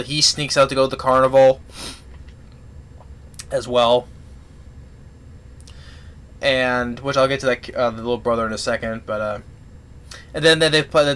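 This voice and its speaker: A man giving a casual spoken movie review, retelling the plot in a rambling, halting way full of restarts. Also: medium pitch, fairly bright tone.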